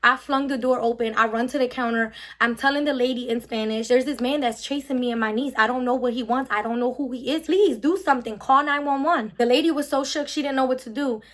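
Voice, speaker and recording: A young woman telling a storytime vlog, emphatic and animated, acting out the quotes. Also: high-pitched, quick pace, hardly any pauses. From Philadelphia. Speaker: vlogger.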